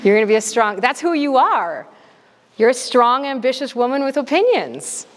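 A woman's voice: high-pitched, sing-song. Earnest woman speaker in a reverberant hall. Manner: earnest, candid, quick bursts. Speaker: guest speaker. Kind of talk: casual Q&A talk.

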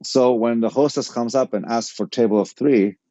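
A middle-aged man telling a personal story to a podcast host in an animated way, acting out the dialogue as he goes. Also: medium pitch, normal speed, no room sound, muffled recording. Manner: animated anecdote-telling, quotes people in dialogue. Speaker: podcast guest.

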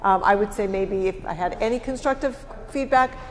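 A woman gives measured, encouraging feedback to a student performer. Her voice is mid-pitched, and it is heard with a long hall echo and faint background noise. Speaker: talent show judge. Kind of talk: giving feedback.

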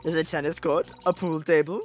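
A man's voice: a little high, level tone, a little fast, soft background music, natural voice. A man in a live fan dub voicing a chatty middle-aged male academy chairman who rambles, trips over his words and restarts.

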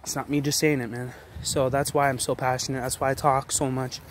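A man in his late twenties delivers an intense, profanity-laced rant at a middle pitch. His talk is blunt and forceful and stumbles over repeated words as he pushes his point. A faint ambient hum sits behind the voice. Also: level tone, fairly quick. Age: 20s. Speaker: vlogger.

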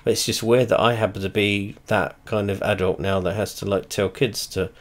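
Man, very low voice, sweary, rambling, casual flight simulator commentary, trails off and restarts. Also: fairly even intonation, moderate pace. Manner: rambling, heavy swearing, blunt and chatty. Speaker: video creator.

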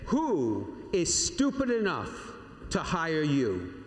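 A curt, harsh wealthy businesswoman, as a priest quotes her. Her lines come slowly, a touch higher than his own voice. The sound rings through a large church with a long echo. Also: wildly swooping pitch, exaggerated voice. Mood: scornful. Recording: echoey church with long reverb.

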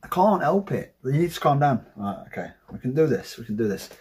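Excitable husky-voiced man in his thirties. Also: medium pitch, a little fast. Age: 30s. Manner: excitable and heavily profane. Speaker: reaction video host. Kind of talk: casual reaction commentary.

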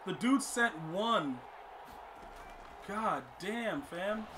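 A man streaming a football video game, commenting live and talking to his chat, often exasperated and breaking into loud outbursts. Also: high-pitched, expressive, normal speed, background noise. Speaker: gaming streamer.

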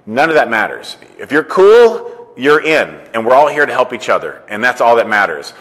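Male entrepreneur, conversational storyteller, bright forceful tone, long reverberant sound. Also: medium pitch, sing-song, fairly quick. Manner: conversational, repeats "I said", acts out quoted dialogue. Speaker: entrepreneur and coach. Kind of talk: casual storytelling monologue.

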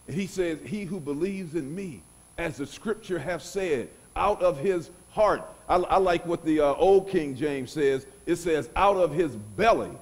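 A middle-aged man preaching a sermon in a church, moving from soft passages to loud outbursts. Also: fairly high pitch. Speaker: pastor.

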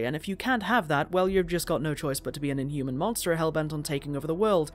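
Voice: mid-range voice, a little hiss or hum. A video essayist giving scripted commentary with sardonic, profane, mocking asides.

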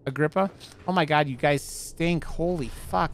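A man commentating on a horror game, crude and profane, with a gravelly, creaky edge to his voice. He jokes around and reads in-game notes aloud, with faint music underneath. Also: a little high, moderate pace. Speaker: let's play streamer. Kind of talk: casual gameplay commentary.

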